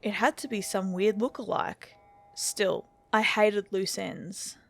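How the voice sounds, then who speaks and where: A woman narrating a scripted horror story in a steady, measured storytelling voice. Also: medium pitch, gravelly.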